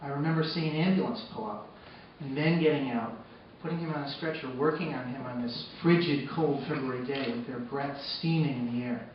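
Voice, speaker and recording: A man telling a personal story on stage, moving between hushed, sombre narration and loud, excited retelling. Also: mid-range voice, brisk, hardly any pauses. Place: arts center stage before a live audience. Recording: echoey hall from far off, dull and noisy.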